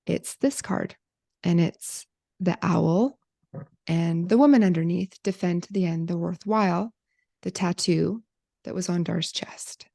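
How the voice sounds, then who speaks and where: Brief: woman podcast host, lively personal storyteller. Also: lowish voice, measured pace, vocal fry. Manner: animated, swearing, quoting herself. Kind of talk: emotional storytelling to viewers.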